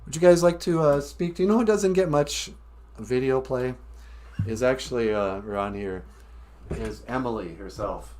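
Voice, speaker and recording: A man's voice: mid-range voice, moderate pace, a little mellow. A man hosting a casual livestream, rambling and self-deprecating as he chats to viewers. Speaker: livestream host.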